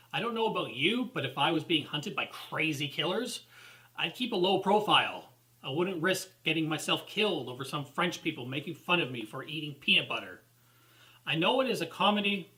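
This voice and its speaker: A man's voice: fairly high pitch, bright, forceful tone, low-quality recording. A man reading a scripted movie review, critical and sarcastic. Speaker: film reviewer.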